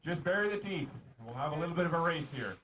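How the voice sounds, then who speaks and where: A man's voice: fairly high pitch, lively intonation, quick pace, a bit bright, a little hiss or hum. A man emceeing an outdoor lumberjack show, joking with and teasing the contestants as he calls out the races. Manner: joking, teasing announcer calling out race commands. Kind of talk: live show emceeing with banter. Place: outdoor show arena on a mountain. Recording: distant outdoor home-video sound.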